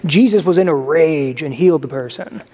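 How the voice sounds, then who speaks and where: High-voiced preaching man, reverberant hall. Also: normal speed. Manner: conversational preaching with animated asides. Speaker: pastor. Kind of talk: sermon. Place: church sanctuary.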